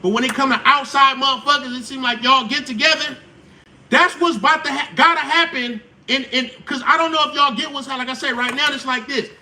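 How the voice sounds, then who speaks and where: A man's voice: very high voice, steady tone, brisk, pushed and bright, distant mic. A man hosting a casual livestream, talking in slangy, profane speech and repeating his points to drive them home. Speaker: channel host.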